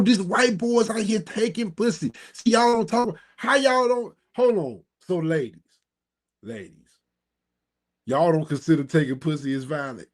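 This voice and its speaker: A man commentating on a live stream, mocking and sarcastic, his voice jumping up high when he scoffs and talking straight at his audience. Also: a little mellow. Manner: talks directly to the audience. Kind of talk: reacting to a replayed live stream.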